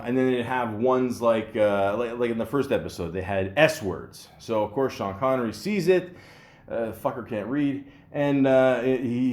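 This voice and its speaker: A man's voice: mid-range voice, a little mellow. A man hosting a podcast in casual chat, rambling with lots of fillers and frequent laughs. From Canada. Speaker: podcast host.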